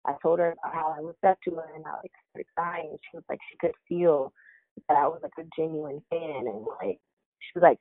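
Young woman, indie wrestler guest, lowish voice, animated storyteller, thin phone-line sound. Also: a little fast, no room sound. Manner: animated, laughs often, acts out quotes. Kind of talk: casual interview storytelling. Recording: dry narrow phone-like line.

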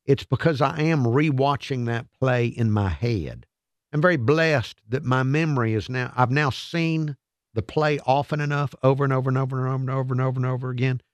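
A man's voice: mid-range voice, no echo. Radio host guy, joking around, dry close studio mic. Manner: playful, self-mocking, trails off and restarts. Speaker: radio talk show host. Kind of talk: radio talk show. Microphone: studio microphone.

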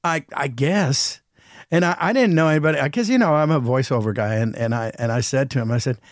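A man hosting a podcast, telling a story in a casual, animated way and acting out what people said. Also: medium pitch, a little fast, no echo, studio quality. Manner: animated, acts out quotes, chuckles. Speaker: podcast host.

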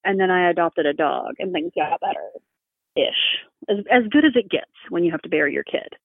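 A woman's voice: on the low side, lively intonation, moderate pace, vocal fry, breathy edge, no echo. A woman from the South, talking frankly and bluntly, swearing freely as a guest in a casual chat. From Southern United States. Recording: phone-like narrow sound.

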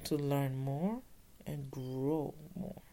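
A woman giving an earnest motivational talk, slowing down to stress her points. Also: rumbling low, dark tone.

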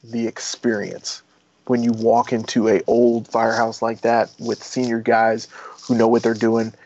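A man who used to be a Marine and is now a firefighter talks in a loose, rambling way. He swears freely and perks up when he retells a story. His voice sits at an ordinary pitch, and the recording is dull and muffled. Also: measured pace, slight background noise. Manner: rambling, profane, animated when retelling stories. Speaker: guest, former Marine turned firefighter. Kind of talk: casual interview storytelling.

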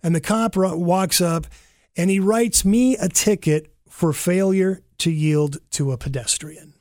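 Animated man telling a story. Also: high-pitched, a little slow, no room sound, studio quality. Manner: animated, rambling, with fillers and self-corrections. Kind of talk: casual personal anecdote.

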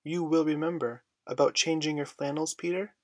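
A man reading a storybook and voicing a caring, fussing young girl in a husky, raised voice. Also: on the high side, fairly even intonation, normal speed, a little mellow, no echo, clean studio sound, pitched above the performer's own voice, lightly acted. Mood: anxious coaxing. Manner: coaxing, anxious fussing. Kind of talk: audiobook character voice.

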